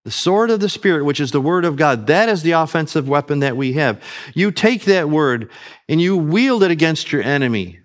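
A man's voice: on the high side, expressive, normal speed. Earnest man preaching a sermon. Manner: earnest, addresses listeners as family, asks rhetorical questions.

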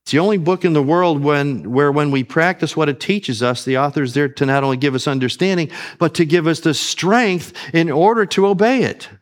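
A man's voice: on the high side, a little fast, few pauses. A man preaching a sermon, earnest, calling his listeners family and asking them questions.

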